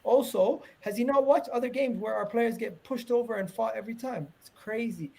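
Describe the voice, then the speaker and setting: A man hosting a casual football podcast, animated and quick to jump in, calling on viewers to like the video. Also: very high-pitched, vocal fry. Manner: animated, talks over others, asks the audience to engage. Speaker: podcast host.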